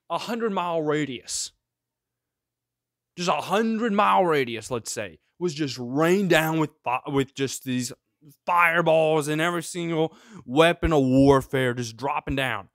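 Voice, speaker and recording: A man's voice: on the high side, fairly bright tone, no room sound, clean studio sound. A man hosting his own show, ranting sarcastically through current events with one rhetorical question after another. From of Greek heritage. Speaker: show host. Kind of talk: ranting solo commentary.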